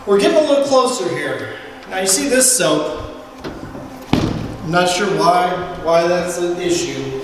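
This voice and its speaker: Laundromat owner vlogging, fed-up rant, high-pitched male voice, echoey room. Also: lively intonation, unhurried, pauses often, a little hiss or hum. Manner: exasperated, ranting, rhetorical questions. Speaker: laundromat owner and channel host. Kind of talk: casual talk-to-camera vlog.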